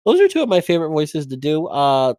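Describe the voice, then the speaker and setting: Low-voiced woman chatting hesitantly. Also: big pitch swings, fast talker, warm tone, dry recording. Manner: hesitant, filler-heavy. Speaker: voice actor guest. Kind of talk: casual podcast chat.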